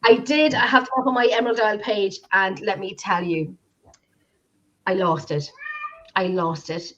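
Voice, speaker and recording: A woman's voice: mid-range voice, moderate pace, fairly bright tone. An Irish woman on a video call, telling a story in casual chat, emotional and rambling, with many restarts. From Ireland. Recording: dull lo-fi sound.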